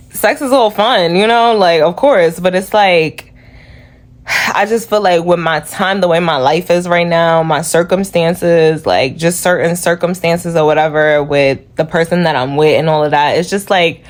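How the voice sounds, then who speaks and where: A woman from New York City with a New York accent, talking casually to camera in a vlog, chatty and earnest, with many fillers. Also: on the low side. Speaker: vlogger.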